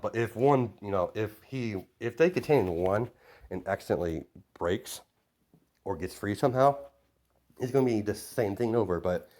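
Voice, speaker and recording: A man's voice: lowish voice, a little mellow. A man casually narrating a fan-made story, rambling with lots of fillers.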